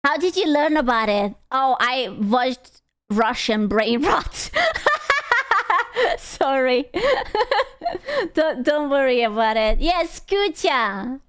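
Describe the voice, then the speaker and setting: High-voiced playful streamer woman. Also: big pitch swings, very slow, long pauses, a bit bright. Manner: playful, giggly, swearing, dramatic reactions. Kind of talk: casual chat with viewers.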